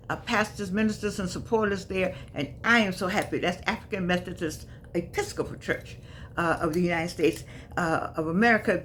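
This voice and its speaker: A woman's voice: mid-range voice, a little hiss or hum. An older woman chatting casually to her viewers, emphatic and preachy, repeating herself for effect. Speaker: vlogger.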